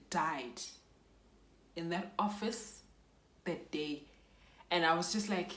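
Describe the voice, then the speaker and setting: A young South African woman tells a deeply personal storytime in a lowish voice, her words heavy with feeling. She drops Xhosa phrases into her English as she talks. The room around her sounds echoey. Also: slow, long pauses. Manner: emotional, mixes in Xhosa phrases. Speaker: YouTuber. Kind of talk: storytime vlog.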